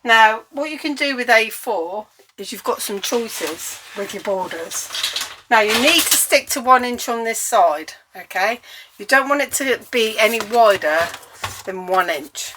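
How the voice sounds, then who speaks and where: Bright-voiced English woman teaching cardmaking. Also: a little high, expressive, measured pace, slight background noise. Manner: chatty, explains step by step while working. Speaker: cardmaking tutor. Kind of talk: hands-on craft tutorial.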